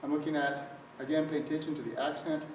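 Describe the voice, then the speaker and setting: A trombone instructor with a fairly high, steady voice talks fast, methodically explaining articulation step by step during a music lesson demonstration. Trombone playing sounds in the background of a very echoey room, the mic at a distance, with a little hiss or hum.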